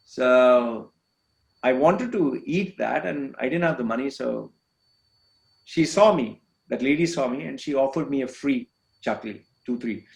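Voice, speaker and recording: A man's voice: mid-range voice, lively intonation, unhurried, vocal fry. A man from India, a podcast guest, telling his personal story with earnest, emphatic, repetitive phrasing. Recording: echoey room.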